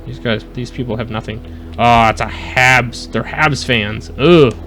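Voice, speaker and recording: A man's voice: mid-range voice, a little slow, fairly bright tone, slight background noise. A man casually commentating his gameplay, chatting with his live chat and joking around. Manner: chatty, talks to live chat, jokey mock accents. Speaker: let's play host.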